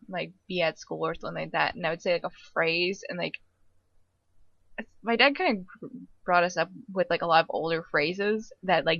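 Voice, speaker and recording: A young woman co-hosting a casual podcast chat, talking fast with lots of "like" and frequent laughs. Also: fairly low pitch, creaky, dry recording, dull audio. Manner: chatty, laughs often, lots of "like". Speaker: podcast co-host.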